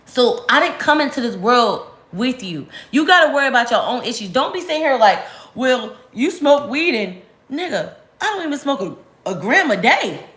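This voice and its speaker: Venting in an echoey room, this vlogger tells a casual story to camera in a candid, slangy, animated way. Her slightly high voice moves a little fast with few pauses, rising sharply as she lets off steam.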